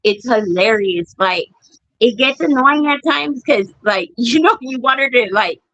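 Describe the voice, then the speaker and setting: A woman's voice: a little high, animated, measured pace, fairly bright tone, no room sound, poor audio. A woman co-hosting a casual streamed chat, candid and laughing as she tells family stories. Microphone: streaming mic.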